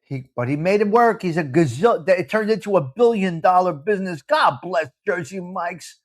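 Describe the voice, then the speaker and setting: A New York-accented man hosts a casual live chat, blunt and full of opinions. He talks in an animated way, repeats himself for emphasis, and slips Italian phrases into his talk. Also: sits high, normal speed. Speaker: live show host.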